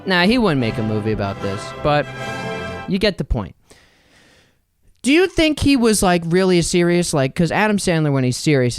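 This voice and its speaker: A man's voice: a little high, sing-song, normal speed, clean tone, no room sound, clean studio sound, soft background music. A man hosting a solo podcast, chatting casually and jokingly with lots of asides. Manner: rambling, joking, full of fillers and asides. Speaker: podcast host.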